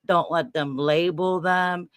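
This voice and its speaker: A woman's voice: lowish voice, steady tone, slow, smooth, no echo, clean studio sound. A woman, a guest on a caregiver stream and the parent of a disabled child, giving casual advice in an earnest, encouraging way and repeating herself for emphasis.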